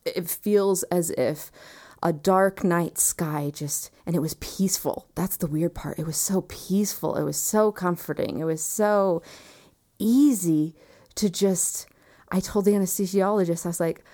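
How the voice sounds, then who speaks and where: Woman softly recounting a personal story. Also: on the low side, fairly even intonation, moderate pace, vocal fry. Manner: earnest and reflective, quiet moments with soft laughs. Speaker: guest telling her story.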